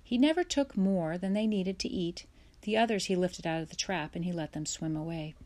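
Low, mellow woman reading a storybook. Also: moderate pace. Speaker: narrator. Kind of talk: storybook read-aloud.

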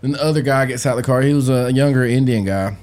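A young man with a Southern US country accent, telling a story as a podcast guest in a casual, profane, animated way. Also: medium pitch, fast. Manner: profane, animated storyteller who rises into shouting in quotes.

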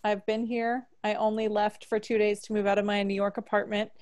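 A woman's voice: medium pitch, level tone, a little fast, a little mellow. Chatty young woman podcast guest. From Florida. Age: young adult. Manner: chatty, uses "like" a lot. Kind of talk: casual podcast chat.

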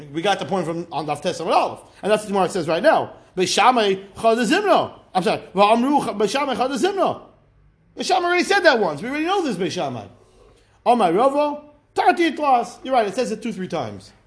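A man giving a daily Talmud class, playful and animated, mixing Hebrew and Yiddish terms into his English and slowing down to read quoted texts. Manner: lively pitch swings, slows for quoted texts. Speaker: Talmud teacher.

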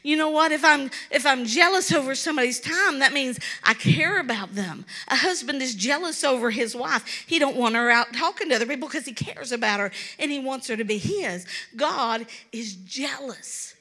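A woman's voice: high voice, expressive, moderate pace, few pauses, sharp tone. A woman from Kentucky with a Kentucky accent, preaching an earnest, pleading sermon and repeating words for emphasis.

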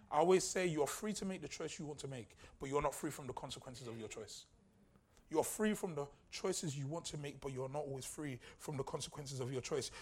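A male pastor preaching a sermon in a conversational, humorous way, repeating key lines for emphasis. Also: a little high.

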